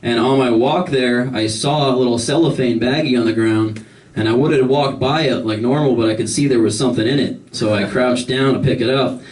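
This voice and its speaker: A man's voice: medium pitch, brisk, darkish tone, recorded from a distance. A man doing a stand-up set, telling loose, rambling stories full of fillers, recorded live in a comedy club with the audience laughing. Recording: live club recording from the room, crowd audible.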